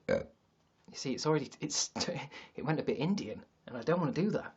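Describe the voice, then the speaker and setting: A man's voice: mid-range voice, animated, moderate pace, darkish tone, breathy edge, dull audio. A man hosting a comedic livestream, rambling, joking and swearing freely. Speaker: livestream host. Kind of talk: casual comedic livestream chat.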